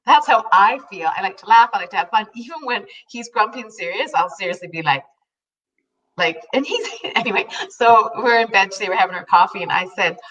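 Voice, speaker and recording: A woman's voice: mid-range voice, a little fast, recorded from a distance, lo-fi sound. A woman in her fifties chatting casually as co-host, telling stories with lots of laughter and acted-out quotes. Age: 50s. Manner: animated storyteller, laughs often, acts out quotes. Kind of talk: casual chat.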